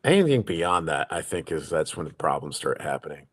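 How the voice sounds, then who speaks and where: A man's voice: rumbling low, very animated, fairly quick, slightly rough. A man co-hosting a casual chat, cartoonist, joking in wry asides. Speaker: podcast co-host, cartoonist.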